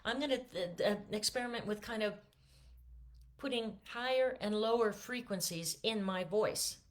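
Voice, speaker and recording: A middle-aged woman teaching singing in a relaxed, chatty way, full of ums and false starts. Her voice is not warmed up yet and has a mid-range pitch, typical for a woman. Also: moderate pace. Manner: relaxed, chatty, many fillers and restarts. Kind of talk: casual vocal lesson with sung demonstrations.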